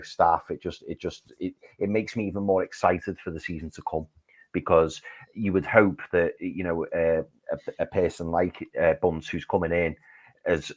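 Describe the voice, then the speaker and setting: Deep-voiced man, stammering football chat. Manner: stammering, repeats words, optimistic. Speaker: podcast co-host.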